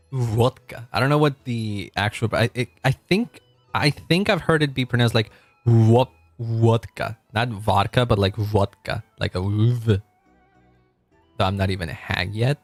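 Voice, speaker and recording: A man's voice: mid-range voice, moderate pace, no room sound, soft background music. A man in his late twenties, a streamer chatting casually and rambling while he plays, laughing often. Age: 20s. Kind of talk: casual live-stream chat while gaming.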